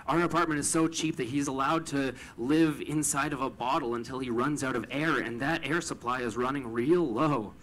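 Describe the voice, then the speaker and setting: A man's voice: medium pitch, fairly bright tone, a little hiss or hum, rough recording. Stammering man telling a personal story. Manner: stammering repetitions, emotional retelling.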